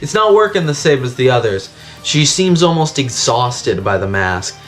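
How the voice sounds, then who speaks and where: A man's voice: mid-range voice, very animated, moderate pace, a bit bright, soft background music. A man giving a frank, chatty video review with lots of swearing. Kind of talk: casual video review commentary.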